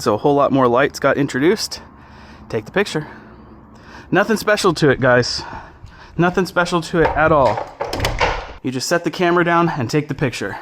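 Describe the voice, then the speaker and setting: A man giving a relaxed, chatty on-location tutorial, talking through each step while he walks through a house. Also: a little high. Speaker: real estate photography instructor. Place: indoors walking through a house.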